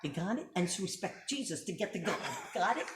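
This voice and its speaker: A woman's voice: medium pitch, lively intonation, fairly quick. Emphatic middle-aged woman, echoey room. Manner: emphatic, rhetorical questions, checking with listener. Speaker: host. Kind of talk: casual religious commentary. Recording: echoey room with background noise.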